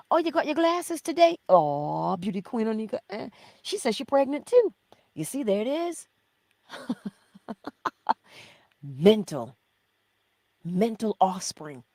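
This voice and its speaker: A woman's voice: mid-range voice, warm tone, no echo. A middle-aged woman hosting a spiritual teaching livestream, reading viewer chat, affectionate, laughing often and slipping into whispers.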